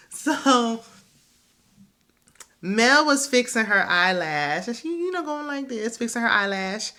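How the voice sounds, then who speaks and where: A woman's voice: on the high side, pushed and bright. A woman hosting a casual reality TV recap, chatty and opinionated, who laughs often.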